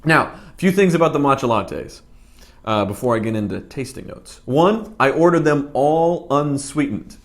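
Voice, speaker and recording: A man's voice: medium pitch, animated, normal speed. A man reviewing cafe drinks and pastries in a casual vlog, with a dry, rambling sense of humor and plenty of asides, speaking. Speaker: food vlogger.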